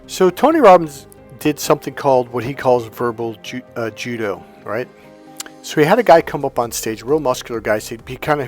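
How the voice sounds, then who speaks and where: Male coach, mid-pitch, lively storyteller voicing people in his anecdotes, faint music underneath. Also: a little fast. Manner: animated storytelling, acting out quoted dialogue. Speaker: life coach. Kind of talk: casual monologue to camera.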